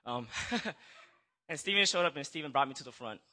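Nervous young man with a bright voice. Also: on the high side, animated, moderate pace. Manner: nervous and hesitant, full of restarts and apologies. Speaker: church member giving a testimony. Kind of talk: personal testimony. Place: church gathering. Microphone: handheld microphone.

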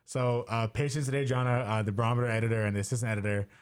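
A man's voice: mid-range voice, racing, clear, resonant tone. A young man co-hosting a casual sports podcast, telling stories with lots of fillers. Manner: lively storyteller with frequent fillers. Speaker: podcast co-host.

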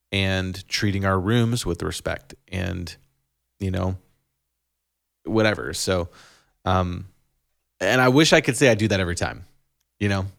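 A man with a lowish voice chats casually as a podcast co-host, talking about his kids. He rambles a bit, restarts his sentences and laughs often. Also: vocal fry. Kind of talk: casual conversation about parenting.

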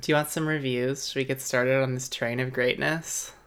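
A woman co-hosting a casual podcast chat, relaxed and amused, reading out reviews. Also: rumbling low, normal speed, clean tone. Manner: relaxed, amused, laughs often. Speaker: podcast co-host.

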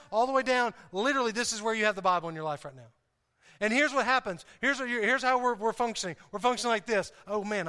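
A man preaching a sermon to a congregation in an animated, joking way, often repeating himself and restarting. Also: very high voice, smooth. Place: church hall. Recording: hall reverb.

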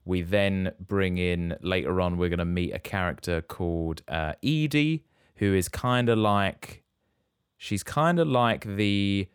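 A man's voice: deep voice, a little slow, smooth, no echo, studio quality. A man co-hosting a podcast, recapping a film plot in casual, teasing chat. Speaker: podcast co-host.

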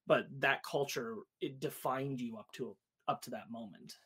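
A man co-hosting a casual podcast review, thoughtful and analytic, talking in measured turns. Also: mid-range voice, sharp tone, breathy edge. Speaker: podcast co-host.

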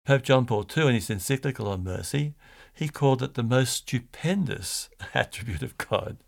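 A priest, preaching in a storytelling way, with many fillers and restarts. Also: male voice, mid-range voice, animated, normal speed, vocal fry. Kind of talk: sermon.

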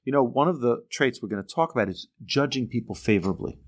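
A man, a rabbi, giving an informal class on character traits in a conversational, animated way, often acting out quoted speech. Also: medium pitch, fast talker. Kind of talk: informal Torah class lecture.

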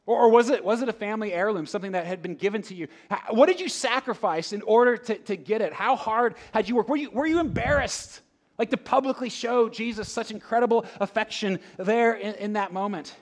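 A man preaching a conversational sermon, asking the room rhetorical questions and swinging between loud emphasis and hushed asides. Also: high-pitched, brisk. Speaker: pastor.

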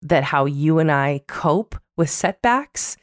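Woman podcast co-host, low voice, dry sound, chatty and frank. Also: takes it slowly, no room sound. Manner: candid, animated storytelling with quoted voices. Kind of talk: casual chat.

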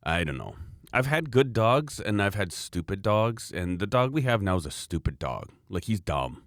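A man's voice: fairly low pitch, very animated, normal speed, dry recording, clean studio sound. A middle-aged man telling a rambling, wry story in casual chat.

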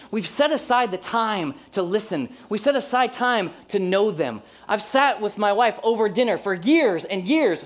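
Conversational male pastor in his forties, playful. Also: sits high. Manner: conversational and humorous, acting out little scenes. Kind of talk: sermon.

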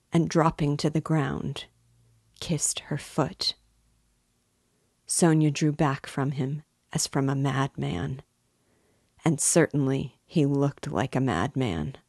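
Slow, low-voiced woman reading a novel. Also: creaky, dry recording, clean studio sound. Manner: measured, expressive reading. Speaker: reader and guide of a book series. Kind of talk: audiobook reading of a classic novel.

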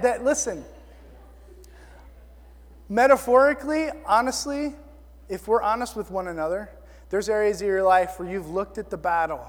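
A man delivers a sermon in a loose, chatty way, joking at his own corniness as he retells a story. His voice sits very high for a man. The sound carries a long reverb, like a large hall. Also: moderate pace, long pauses. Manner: casual, self-deprecating preaching with animated storytelling. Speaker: pastor.

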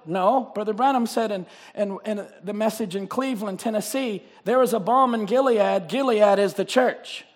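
A man preaching a sermon in a church, swinging between fervent shouting and quiet scripture reading. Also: very high voice, expressive, moderate pace. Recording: reverberant church sanctuary.

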